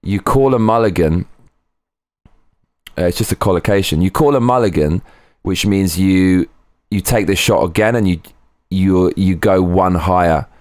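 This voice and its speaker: Man, live streamer, casual rambling chat, swears often, lowish voice, dry sound. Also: normal speed, long pauses, darkish tone, no room sound. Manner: rambling, swearing, breaks into sung snatches.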